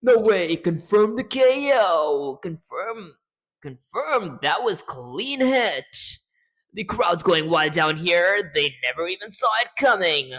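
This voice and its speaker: A hyped male radio announcer, put on by a man calls a knockout in loud, punchy bursts, pitched well above a normal speaking voice. The lines come out loud and driven. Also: expressive, takes it slowly, exaggerated voice.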